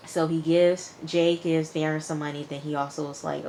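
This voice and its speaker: A woman with a low voice chatting through a TV episode recap. She retells each scene in her own words, tossing in blunt asides to the viewer. Faint background hum runs under her voice. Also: flat delivery, moderate pace, darkish tone. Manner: chatty retelling, quotes characters with "he was like". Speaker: TV show reviewer.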